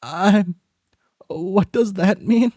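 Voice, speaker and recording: Shy young male troll, high and hesitant, stammers; a man voices him. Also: extremely slow, a little mellow, dry recording, studio quality, heavily acted. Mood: confused. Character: timid young male troll, halting and unsure.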